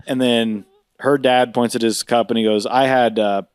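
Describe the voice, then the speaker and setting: A man's voice: unhurried, clean tone, no room sound, clean studio sound. A man co-hosting a podcast, telling a funny story in casual chat, laughing often and mimicking voices. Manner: animated, laughs often, mimics voices with big pitch jumps. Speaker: podcast co-host.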